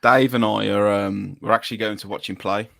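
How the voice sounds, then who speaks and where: A man's voice: lowish voice, steady tone, fairly quick, vocal fry, fairly bright tone. Chatty man hosting a fan stream. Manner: chatty, reads chat comments aloud. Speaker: fan channel host. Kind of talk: casual live stream chat.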